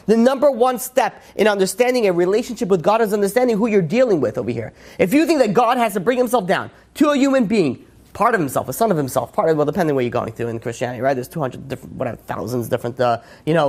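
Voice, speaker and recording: A man, a rabbi, teaching a religious class in an emphatic way with rhetorical questions and frequent restarts. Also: high-pitched. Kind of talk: religious lecture.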